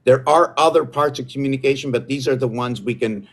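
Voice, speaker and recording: A man talking alone on a live stream in a mid-range voice. He rambles from one idea to the next, gets excited, and drifts off his own point. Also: medium pitch, fairly quick. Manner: meandering, excitable, loses his own thread. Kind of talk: rambling solo livestream talk.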